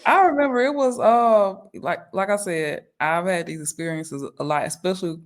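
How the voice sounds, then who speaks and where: A woman, talking in a relaxed, slangy way as a guest in casual chat. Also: lowish voice, normal speed. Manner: relaxed, slangy, laughs along with frequent mm-hmms.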